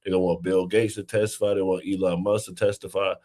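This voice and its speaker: A man's voice: low-pitched, level tone, fast talker, warm tone. A man hosting a casual political talk show, chatting loosely, introducing clips and asking his co-host questions. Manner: conversational, sets up clips and asks questions.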